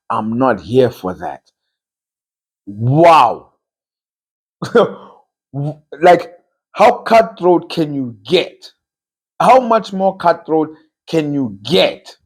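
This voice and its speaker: A man's voice: on the high side, lively intonation, slow, darkish tone. A man hosting a football talk show, giving casual opinion commentary with emphatic, repeated phrases.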